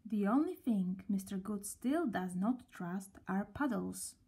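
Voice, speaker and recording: A woman reading a children's story aloud, gently and at a slow, storybook pace. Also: medium pitch, expressive, slightly rough.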